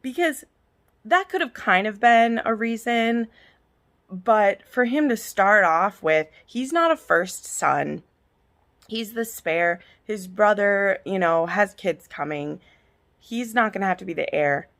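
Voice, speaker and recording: A woman's voice: medium pitch, lively intonation, slow, fairly bright tone. A woman book reviewer giving a passionate, heated vlog rant and swearing freely. She says she is irritable and on pain medication.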